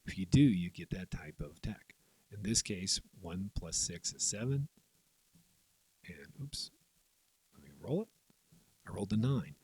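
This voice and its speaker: Low husky man explaining a board game. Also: expressive, darkish tone, no echo, rough recording. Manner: explains step by step, voices players' moves in quick asides. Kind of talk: tabletop game rules walkthrough.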